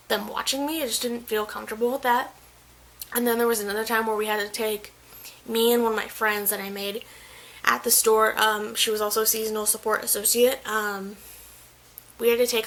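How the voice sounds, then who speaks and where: A woman's voice: on the high side, fairly bright tone, rough recording. A young woman vlogger telling a casual story, chatty and full of "like" fillers. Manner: chatty, filler-heavy, says "like" constantly.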